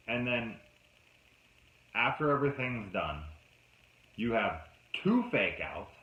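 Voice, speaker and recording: Swearing, exasperated man reviewing a film. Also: fairly low pitch. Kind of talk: casual ranting review. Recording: dull lo-fi sound in an echoey room.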